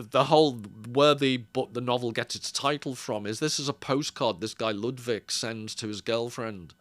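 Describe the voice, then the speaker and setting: Measured man, dry sound. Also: lowish voice, a bit bright, no room sound. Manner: thoughtful, measured, hedging with self-corrections. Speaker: video essayist. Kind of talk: unscripted commentary to camera.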